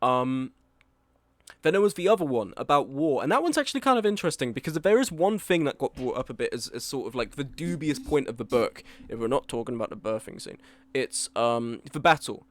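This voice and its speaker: A man's voice: medium pitch, sing-song, brisk, no echo. Rambling early-twenties man, dry sound. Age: early 20s. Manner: rambling, candid, loses his train of thought. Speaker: author reacting to a review. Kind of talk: casual reaction commentary.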